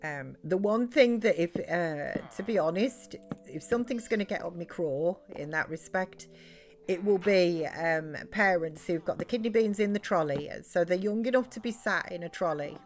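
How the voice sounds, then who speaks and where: A woman's voice: fairly low pitch, normal speed, soft background music. A middle-aged British woman chatting loosely while streaming a game, rambling with many fillers and restarts. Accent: British English. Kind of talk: casual chat while live-streaming a game.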